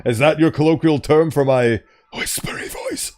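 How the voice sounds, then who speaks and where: A man's voice: fairly high pitch, moderate pace, darkish tone, faint music behind. A man streaming a game, chatting playfully with viewers and laughing often. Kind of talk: casual gameplay commentary.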